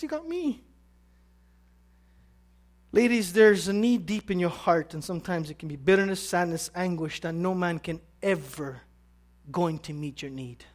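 A woman preaching with animated, conversational energy. She keeps asking her congregation questions as she goes. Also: lowish voice. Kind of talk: sermon.

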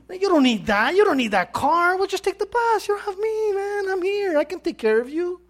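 A woman's voice: big pitch swings, normal speed. A woman doing a coaxing Italian husband. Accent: mock Italian. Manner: coaxing, exaggerated, high and strained. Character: pleading Italian husband, doting and cheap.

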